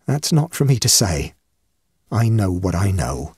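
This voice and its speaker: A man voicing an old superstitious countrywoman housekeeper, slow and ominous in rustic dialect, husky. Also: low voice, very animated, darkish tone, no echo, studio quality, heavily acted. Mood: warning.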